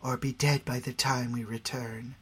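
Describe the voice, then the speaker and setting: A man reading the part of a sharp, shrewd female faction leader in a cool, cutting tone. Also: medium pitch, flat delivery, moderate pace, breathy edge.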